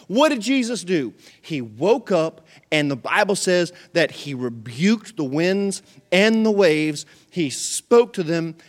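A man preaching a sermon as pastor, telling the story with animated energy and bursts of shouting. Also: a little high, slow.

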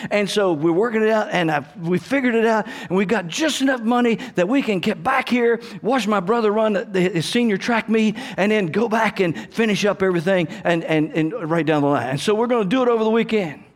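A man's voice: high-pitched, brisk, hardly any pauses. A man, preaching a sermon and telling a personal story, often restarting and calling out for amens. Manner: repetitive restarts, call-and-response amens. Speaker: pastor.

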